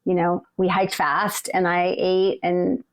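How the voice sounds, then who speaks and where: A woman, an ultrarunner, casually telling the story of a race in a chatty, animated way. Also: fairly low pitch, slow. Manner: chatty and animated, filled with "like" and "you know".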